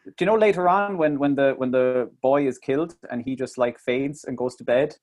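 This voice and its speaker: A man's voice: medium pitch, fairly quick. A man in casual chat, reviewing a film with mocking asides and swearing. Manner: animated, swearing, mocking impressions. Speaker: podcast co-host.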